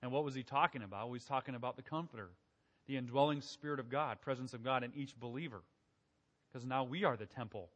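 A man's voice: mid-range voice, fast, fairly bright tone. A man preaching a conversational sermon, often asking his listeners questions as he works through scripture. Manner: conversational, asks the congregation questions. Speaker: pastor. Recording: long hall reverb.

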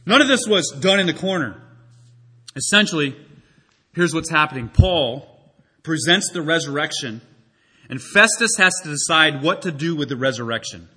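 A man delivering a sermon with a high, bright, slightly husky voice. He preaches animatedly and acts out the voices of the people in his story. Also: expressive, moderate pace. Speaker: pastor.

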